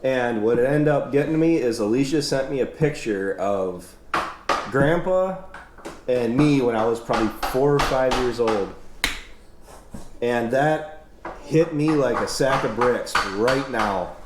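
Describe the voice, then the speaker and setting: A man's voice: medium pitch, expressive, a little slow. A young man chatting on his farm vlog, easygoing and folksy, wandering through his sentences with restarts. His voice rings around a roomy house with a faint hiss of noise underneath. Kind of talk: casual chat. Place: indoors in a family house.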